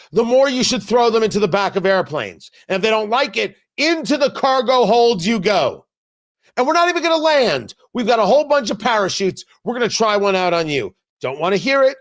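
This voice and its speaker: A man hosting a political commentary show, delivering a combative, sarcastic opinion monologue with emphatic repetition. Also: sits high.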